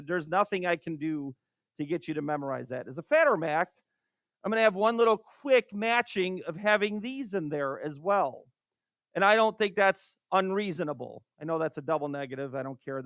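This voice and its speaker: A man's voice: fairly high pitch, lively intonation, moderate pace, fairly bright tone, no echo. A man teaching a math class, calling on students by name and exasperated by wrong answers. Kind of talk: classroom lecture.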